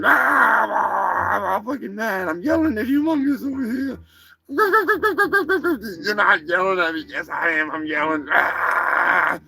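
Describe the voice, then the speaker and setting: A man voicing a loud, foul-mouthed male cyborg turkey co-host who yells and curses. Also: high-pitched, pitched above the performer's own voice, heavily acted. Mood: rowdy. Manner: brash, cursing, yelling.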